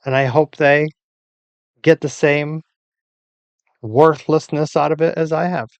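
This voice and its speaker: A man's voice: on the high side, fairly even intonation, measured pace, gravelly, no echo. A man in an angry rant at an AI assistant, furious, profane and insulting, speaking at his computer at home. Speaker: user arguing with an AI assistant.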